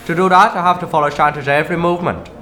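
With a bright, forceful voice on the high side and a steady tone, a man portrays a short-tempered Christmas demon in a sketch. The horned, fanged creature grumbles gruffly, full of self-pity and grievance, and flares up easily.

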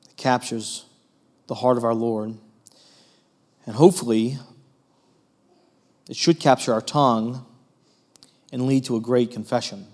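A man preaching a sermon in an earnest way, moving between emphatic stretches and hushed ones, with frequent fillers. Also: medium pitch, fairly even intonation, measured pace, pauses often. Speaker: pastor.

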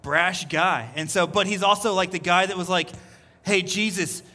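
A man's voice: sits high, moderate pace, pushed and bright. A male pastor preaching a sermon in a loose, chatty storytelling way. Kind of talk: casual conversational sermon.

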